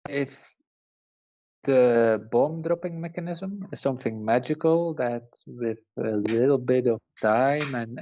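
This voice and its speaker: A man's voice: medium pitch, warm tone, muffled recording. A man playing in a tabletop game, thinking aloud hesitantly as he asks about his options. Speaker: player. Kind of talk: casual tabletop play.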